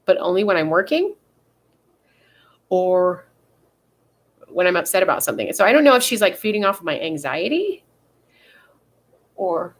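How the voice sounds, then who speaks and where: A woman's voice: on the low side, big pitch swings, moderate pace, pauses often. Rambling, foul-mouthed young woman vlogger. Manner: rambling and profane, with frequent fillers. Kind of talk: casual chat.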